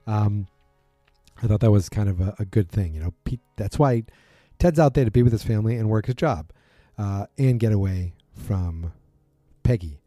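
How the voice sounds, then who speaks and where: A man in casual chat, rambling through a TV episode recap with many fillers and quick acted-out quotes. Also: on the low side, mellow, dry recording, studio quality, faint music behind. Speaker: podcast host recapping a TV drama.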